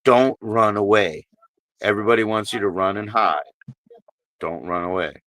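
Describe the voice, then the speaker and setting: A man with a low voice hosts a live stream call, swearing freely while he reassures a guest. His tone is bright and forceful. The mic is close and dry, with no room sound. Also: moderate pace, no echo. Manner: blunt, profane, consoling. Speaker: livestream host. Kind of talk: casual live stream chat.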